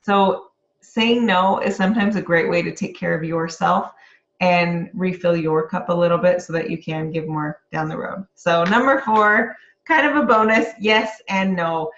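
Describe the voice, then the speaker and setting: A middle-aged real estate agent delivers an upbeat, encouraging motivational talk straight to the camera, breaking into laughter along the way. Her voice is fairly low and her pace moderate, captured in a roomy, slightly dull lo-fi recording.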